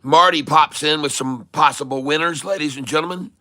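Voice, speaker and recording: A man's voice: fairly high pitch, fairly quick, sharp tone, no room sound, clean studio sound. A man hosting a live stock-trading stream, teaching from the charts with playful, jokey banter and bits of joke French and Spanish. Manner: chart-pointing teacher, addresses viewers as folks.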